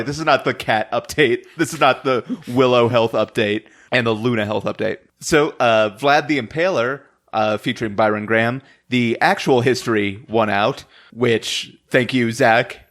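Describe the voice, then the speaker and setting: A man's voice: medium pitch, fairly bright tone. A man hosting a podcast who laughs a lot and hesitates with frequent ums while he runs the episode. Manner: laughs often, slow, hesitant delivery with many ums. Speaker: podcast host. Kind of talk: casual podcast chat.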